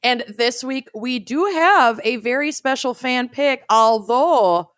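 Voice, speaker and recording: A woman's voice: high-pitched, lively intonation, slow pace, fairly bright tone, dry recording, clean studio sound. A young adult woman co-hosting a casual true crime podcast, chatty and wry, often laughing as she talks. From Minnesota. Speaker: podcast co-host.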